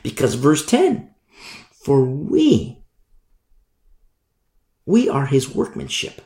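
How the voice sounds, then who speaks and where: In a roomy, echoing space, a male preacher gives a sermon with lively ups and downs in pitch. His style is loose and conversational, with restarted phrases, lingering single words, drawn-out words, a creaky voice, and frequent pauses.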